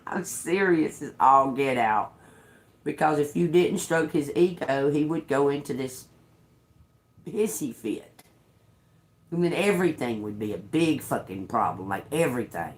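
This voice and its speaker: Low-voiced laughing woman telling stories. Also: animated, a little slow, pauses often. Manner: laughs often, swears freely, rambling. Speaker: livestream host. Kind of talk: casual storytelling. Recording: echoey room.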